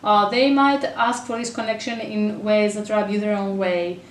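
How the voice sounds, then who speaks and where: A woman giving parenting advice straight to her camera, earnest and chatty, breaking off for quick asides. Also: medium pitch, fairly even intonation, slight background noise. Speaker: parenting vlogger and mother. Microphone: camera mic. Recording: echoey room, voice a bit far from camera.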